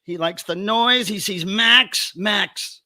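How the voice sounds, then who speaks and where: A bright, high-pitched man chats playfully on a home livestream, calling out his viewers by name. The sound is dry and close, with no room echo. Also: slow pace. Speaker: livestream host. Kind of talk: casual livestream chat.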